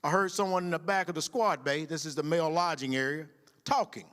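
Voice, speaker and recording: Middle-aged man, sheriff's testimony, somewhat high voice, long sanctuary reverb. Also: moderate pace, long pauses. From Mississippi. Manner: storytelling, dramatic shouted quotes. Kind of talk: church testimony talk. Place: church sanctuary.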